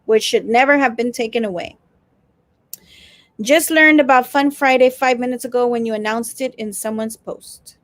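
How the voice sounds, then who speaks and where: Sarcastic high-voiced woman with a South Texas accent. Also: moderate pace, no echo. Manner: sarcastic, laughs often. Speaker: union co-host reading viewer comments. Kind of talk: casual live-stream chat.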